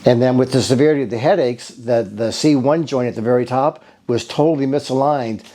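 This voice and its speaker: A man's voice: medium pitch, a little fast, dark tone. A man telling his own patient story in a casual, rambling and earnest way. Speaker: bodywork therapist giving a patient testimonial. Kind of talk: casual spoken testimonial.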